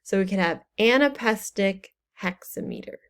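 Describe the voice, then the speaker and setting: A woman's voice: mid-range voice, lively intonation, normal speed, clear, resonant tone. A woman instructor narrating a recorded online lesson over slides in a casual, explanatory way, with small fillers and self-corrections.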